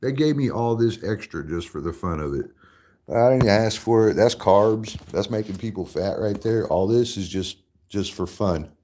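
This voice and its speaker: Deep-voiced profane man, rambling livestream chat. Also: normal speed, warm tone. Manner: profane, rambling, laughs often. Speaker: livestream host. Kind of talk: casual livestream chat while eating.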